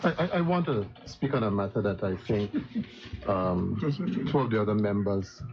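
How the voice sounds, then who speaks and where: A man with a fairly low voice makes an opposition speech at a live event. He starts measured and builds into indignation. The sound is dull and lo-fi, and steady background noise is clearly heard. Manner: measured, then rising to heated indignation. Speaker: opposition politician.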